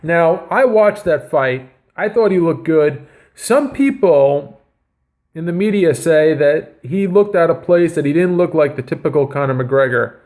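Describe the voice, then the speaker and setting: A man's voice: on the high side, expressive, unhurried, a little mellow. A man giving casual reaction commentary on his comedy vlog, rambling and enthusiastic with lots of fillers. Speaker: comedy vlogger reviewing news.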